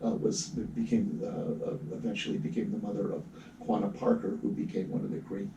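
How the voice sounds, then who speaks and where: A man with a gravelly, dark voice, co-hosting a casual movie talk. He tells film history slowly, full of uhs and restarts. He sounds distant from the mic in an echoey room with faint noise. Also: on the low side, little pitch movement. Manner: storytelling, hesitant with many fillers. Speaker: movie talk show co-host. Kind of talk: casual chat about movies.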